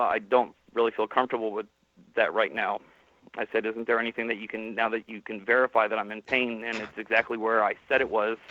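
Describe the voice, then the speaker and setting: A man's voice: fairly low pitch, no echo. A man calling in and plainly telling a personal story, quoting the people he met along the way. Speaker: caller. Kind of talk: personal story on a call-in stream. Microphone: phone. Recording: tinny phone line.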